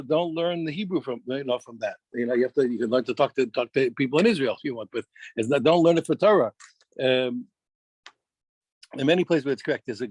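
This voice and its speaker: A man teaching a daf yomi Talmud class, animated, restarting phrases and quizzing his students. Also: fairly high pitch, breathy edge, dry recording.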